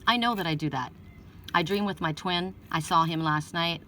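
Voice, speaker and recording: A woman with a lowish voice gives an oracle card reading, mixing advice with stories from her own life. She talks earnestly and rambles, often restarting her sentences. Her voice sits a little away from the microphone. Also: moderate pace, pushed and bright, far from the mic, a little hiss or hum.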